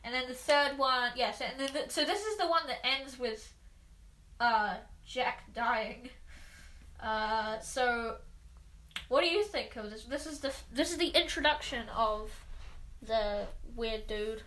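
A woman's voice: fairly high pitch, expressive, a little slow, fairly bright tone, slight background noise. A woman hosting a casual vlog, chatting in a giggly, rambling, playful way. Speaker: vlog host. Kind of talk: casual chat.

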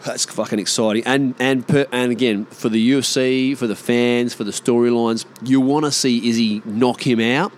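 An Australian man in casual monologue, rambling and swearing, often animated. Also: mid-range voice, moderate pace, few pauses.

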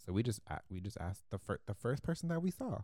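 A man on a podcast tells a story in an easy, casual way. His voice sits fairly low, and he laughs often while he acts out the people in the story. The close mic gives a dry, dead sound. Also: sing-song, quick pace, dark tone, no room sound. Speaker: podcast co-host.

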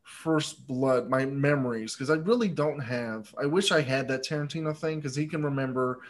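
A man's voice: mid-range voice, normal speed. A man co-hosting a casual movie podcast, rambling and joking, swearing freely. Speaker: podcast co-host.

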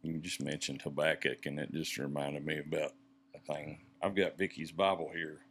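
A man, co-hosting a casual church podcast and talking in a halting, rambling way. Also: very deep voice, level tone, a bit bright, a little hiss or hum. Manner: halting, rambling, searching for words.

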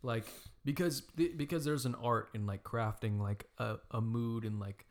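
A man in his twenties telling a friend about a movie in casual chat, animated, swearing, full of "like" fillers. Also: mid-range voice, moderate pace. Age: 20s.

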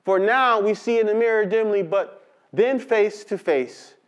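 Guy preaching a sermon, pretty high voice, slows way down on the verses, gets the crowd to repeat lines. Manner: animated storytelling with call-and-response to the congregation; slow, drawn-out emphasis on scripture. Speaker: pastor.

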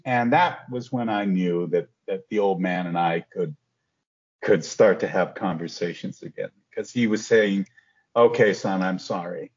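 An older man, a guest actor, telling stories from his career in an animated way and acting out the quotes. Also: low voice, measured pace, breathy edge, dull audio. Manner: animated storyteller, acts out quotes. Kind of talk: casual storytelling interview.

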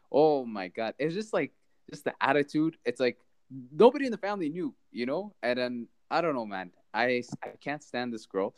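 Expressive man, dry close sound. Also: mid-range voice, moderate pace, dry recording. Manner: expressive, says "bro" and "oh my God" a lot. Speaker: podcast co-host. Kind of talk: casual chat.

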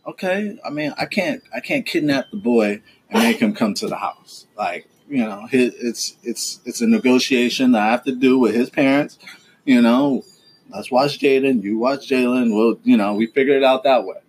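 A man's voice: medium pitch, normal speed, slightly rough. A man hosting a casual home podcast with his child, teasing and lecturing in a fatherly way. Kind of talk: casual family chat.

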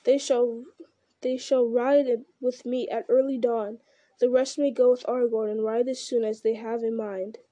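A woman reading a fantasy novel aloud, voicing a dignified old king who speaks in a stately, deliberate way. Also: a little high, little pitch movement, dark tone, dull audio, close to an everyday voice.

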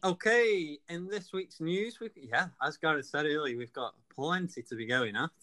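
A man's voice: fairly high pitch, normal speed, bright, forceful tone, no room sound. Man, cheery podcast host from England, casual and chatty banter with a co-host. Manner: cheery, chatty, laughs often.

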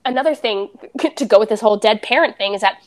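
A woman's voice: fairly high pitch, fast. A young adult woman, a podcast guest, candidly retelling a personal story and acting out the dialogue.

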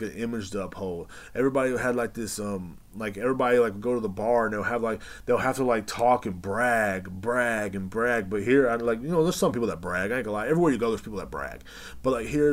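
Man, low voice, podcast host, casual rambling monologue, lots of cursing and fillers. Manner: rambling profane storytelling, many fillers.

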